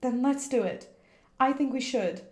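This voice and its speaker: A woman reading aloud as a cheerful teenage schoolgirl who sticks up for her friends. The voice sits high and eager, with a slow, unhurried delivery. It echoes in a roomy space over faint game music. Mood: puzzled. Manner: bright, eager, affectionate.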